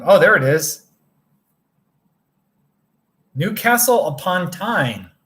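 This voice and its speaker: A tired man rambles through a casual livestream from a motel room and answers viewers by name. His pitch swings a lot, his speech is slow and drawn out, and his voice has a bright tone. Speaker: livestream host reading viewer chat.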